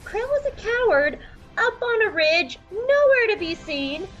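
A woman's voice: extremely high pitch, big pitch swings, measured pace, fairly bright tone, highs cut off, voice pushed up, exaggerated voice. A woman voicing a defiant, blunt young male soldier in a casual podcast recap. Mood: indignant.

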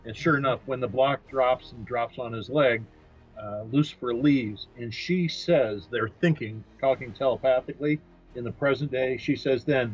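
A man's voice: mid-range voice, moderate pace, slightly rough, soft background music. Hesitant man on a dull-sounding line. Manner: careful, explanatory, hesitant with fillers. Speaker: podcast co-host. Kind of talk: casual chat about comics.

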